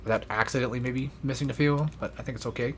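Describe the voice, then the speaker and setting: A man's voice: mid-range voice, steady tone, very fast, slight background noise. A young man giving casual gameplay commentary, rambling and swearing freely with self-deprecating asides. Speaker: let's play gamer.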